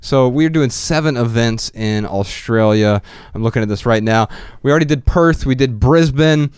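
Smooth-voiced male podcast host. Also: mid-range voice, moderate pace, darkish tone, no room sound, studio quality. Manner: upbeat, joking, promotional. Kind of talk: casual podcast chat and announcements.

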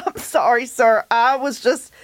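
A woman co-hosts a comedy bit, flustered and quick to giggle. Her voice is high, and the recording is dry and close. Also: dry recording. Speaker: co-host. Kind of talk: improvised comedy chat.

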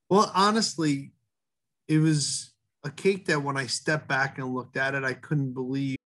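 A man's voice: medium pitch, steady tone, pushed and bright. Middle aged baker guy talking earnestly in an interview, lots of ums and restarts. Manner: earnest, halting with many fillers and restarts. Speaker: guest, head baker. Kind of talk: casual interview talk.

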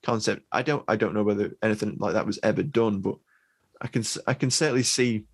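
Brief: British man, podcast co-host, low voice, dry close sound, halting casual delivery. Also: slightly rough, no room sound. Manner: halting, many restarts and ums.

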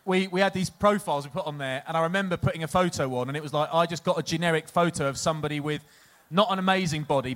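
An English man in his forties tells rambling stories on stage and keeps laughing at his own punchlines. His voice sits a little high for a man, and he loses the thread and picks it back up as he goes. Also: a bit bright. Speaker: podcast co-host, former rugby player. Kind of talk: live comedic storytelling.

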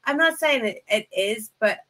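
A woman's voice: a little high, lively intonation, moderate pace, a bit bright, poor audio. A woman, co-hosting a casual wrestling podcast in an easygoing way. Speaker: co-host.

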